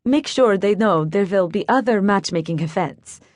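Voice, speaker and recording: A woman voicing an elderly German grandmother who runs an inn, with a German accent and a brisk, practical manner of giving instructions. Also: medium pitch, lively intonation, no room sound, clean studio sound, close to an everyday voice. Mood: instructing. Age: older. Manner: matter-of-fact, giving orders.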